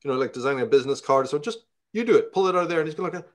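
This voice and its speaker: A middle-aged man with a Belfast accent tells stories in an interview, his voice sitting a little high for a man. He talks in an animated, profane rant, piling up curses as he goes. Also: rapid-fire. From Northern Ireland. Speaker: interview guest. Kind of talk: storytelling in conversation.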